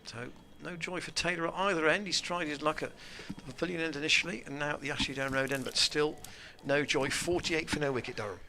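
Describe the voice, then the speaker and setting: A man's voice: on the high side, fast, vocal fry, hardly any pauses, bright, forceful tone, a little hiss or hum. A man co-commentating on cricket for radio. He describes the play in a wry, conversational way and reads out listeners' emails. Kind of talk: live commentary and listener chat.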